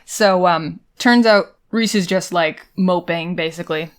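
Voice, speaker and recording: A woman co-hosting a comedy podcast, casually recapping a TV episode in a chatty, playful way and briefly acting out the characters. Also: lowish voice. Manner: chatty, playful, acts out characters in quick bursts. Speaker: podcast co-host.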